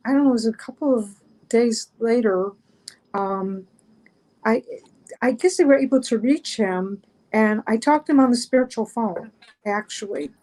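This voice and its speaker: A woman's voice: mid-range voice, darkish tone, rough recording. A middle-aged woman, a guest on an online chat show, telling a story casually, rambling with many fillers and restarts.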